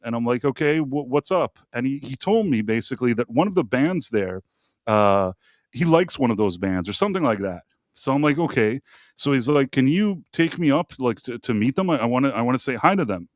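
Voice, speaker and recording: Male host, mid pitch, loose rambling storyteller, dry booth sound. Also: big pitch swings, brisk, no room sound. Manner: rambling, many fillers and asides. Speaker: podcast host. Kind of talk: casual storytelling on a live show.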